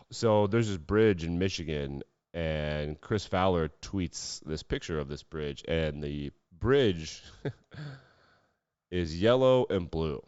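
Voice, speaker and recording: A man with a lowish voice talks through the weekend's sports news in a relaxed, sarcastic way, tossing off dry asides. The sound is dull and slightly lo-fi, with a close, dry feel and no room echo. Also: takes it slowly, clean tone. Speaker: sports podcast host. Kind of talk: casual sports commentary.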